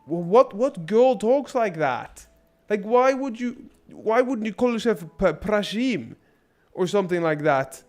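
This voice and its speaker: A man's voice: high voice, expressive, measured pace, soft background music. A man streaming a game and chatting with viewers, rambling, crude and sarcastic, with many restarts. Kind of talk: casual gameplay commentary.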